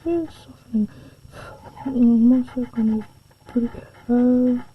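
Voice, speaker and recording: A woman from England, narrating a drawing tutorial as she works, soft-spoken and slipping into half-whispered asides. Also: a little high, slow, a little hiss or hum. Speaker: art tutor. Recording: dull lo-fi home recording.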